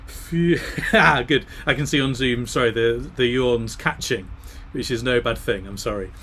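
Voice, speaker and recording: A man's voice: medium pitch, steady tone, normal speed, fairly bright tone, slight background noise. A man leading an online choir rehearsal. He talks through the music, often singing phrases to demonstrate. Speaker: choir director.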